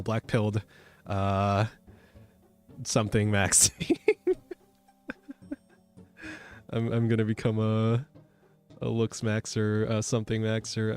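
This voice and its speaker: Low-voiced joking male streamer. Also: a little mellow. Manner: self-mocking joker, breaks into high squeaky yelps. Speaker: VTuber streamer. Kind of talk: casual chat while coding.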